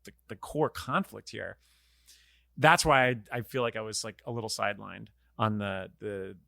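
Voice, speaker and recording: A man's voice: lowish voice, steady tone, moderate pace, gravelly, bright, forceful tone, no echo, clean studio sound. A man hosting a podcast, talking loosely about a book, rambling and swearing casually. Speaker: podcast host.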